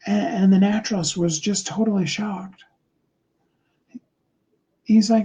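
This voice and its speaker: A man giving a motivational talk, telling a story slowly and deliberately, with many fillers and restarts. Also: sits high, steady tone, mellow, slightly rough, dull audio. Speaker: motivational speaker.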